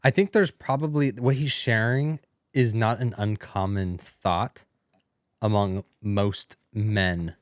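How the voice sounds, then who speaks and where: A man's voice: lowish voice, fairly even intonation, takes it slowly, no room sound, clean studio sound. A man co-hosting a casual commentary podcast, laid-back and agreeable, often chiming in with short affirmations. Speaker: podcast co-host.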